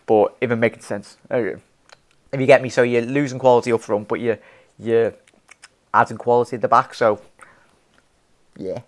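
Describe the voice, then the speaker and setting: Young male host, loose live-stream chatter, keeps restarting, laughs a lot, mid pitch. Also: steady tone, normal speed, pauses often. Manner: rambling, laughs often, many restarts, calls viewers fella and mate. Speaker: fan channel host. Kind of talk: casual live-stream chat reading viewer comments.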